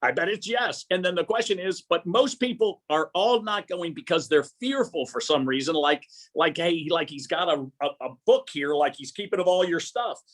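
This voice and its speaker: Excitable husky man telling faith stories. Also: a little high, moderate pace. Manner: excitable, acts out quoted voices. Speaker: guest speaker. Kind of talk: animated faith talk.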